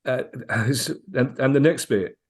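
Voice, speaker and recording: A man, a comedian guest on a podcast, telling stories in a lively way with frequent restarts. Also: medium pitch, unhurried. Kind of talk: anecdotal podcast chat.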